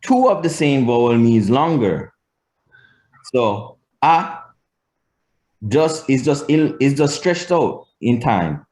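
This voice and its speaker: Man, language teacher, unhurried delivery, sounds out examples, patient step-by-step explanations. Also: mid-range voice, very animated, a little mellow. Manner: explains slowly, models sounds aloud, repeats examples. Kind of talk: spoken language lesson.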